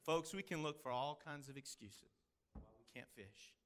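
A man's voice: fairly high pitch, normal speed, fairly bright tone. Male pastor, conversational preaching. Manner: conversational preaching with rhetorical questions. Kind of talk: sermon.

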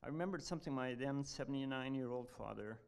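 An earnest man speaks at a church gathering, pausing and restarting as he reads a devotional passage aloud. His voice sits at an ordinary pitch with a gravelly, creaky edge. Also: a little mellow. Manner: earnest, halting delivery. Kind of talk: devotional talk, reading aloud.

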